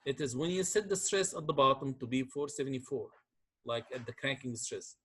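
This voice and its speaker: Man, husky, middle-aged, lecturing step by step, mid pitch. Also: a little fast, bright, forceful tone. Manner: explains step by step, asks checking questions. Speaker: engineering lecturer. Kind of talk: classroom lecture.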